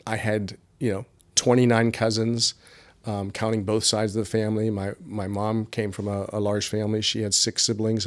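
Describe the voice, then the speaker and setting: A middle-aged man speaks as an interview guest, his voice sitting low. He tells his story casually and loosely, stopping often for fillers and restarts. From Appalachian Pennsylvania. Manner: rambling, many fillers and restarts. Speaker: podcast guest, consultant.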